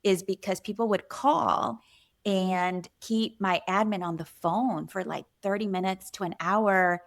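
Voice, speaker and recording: A woman's voice: medium pitch, steady tone, a little slow, vocal fry. A middle-aged woman physician, a podcast guest, chatting casually and often saying "you know" and "right?". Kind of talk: casual interview chat.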